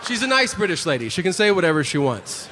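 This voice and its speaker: A man's voice: sits high, fast, big-room sound, a crowd in the background. A man doing a brash, crude stand-up comedy set on stage before an audience. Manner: brash, animated, crude punchlines. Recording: live stage mic with room noise.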